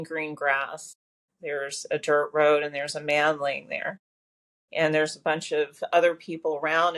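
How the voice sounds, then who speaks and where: A talkative woman with a slightly low voice tells a personal story as a guest on a podcast. She keeps going, full of fillers and restarts. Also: a bit bright. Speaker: guest, massage therapist.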